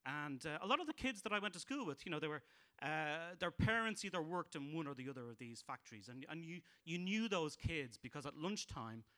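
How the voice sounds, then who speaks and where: A man's voice: a little high, very animated, a little fast, few pauses, sharp tone. A man with a Dublin Irish accent performing a stand-up set, dry and hesitant with frequent ums and restarts. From Ireland. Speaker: stand-up comedian.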